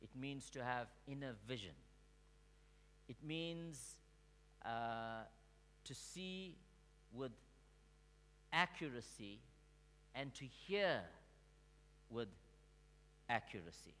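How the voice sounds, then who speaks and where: A male pastor preaching a sermon in a church, slow and emphatic, calling on the congregation to answer back and swinging from quiet to shouting. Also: medium pitch, animated. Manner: call-and-response with the congregation. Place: church sanctuary. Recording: long reverb of a large hall.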